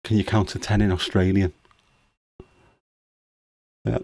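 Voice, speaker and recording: A man's voice: fairly low pitch, flat delivery, a little slow, creaky, darkish tone, dry recording. A middle-aged man hosting a casual livestream chat, teasing his daughter with jokey dad humor. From United Kingdom. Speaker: livestream host.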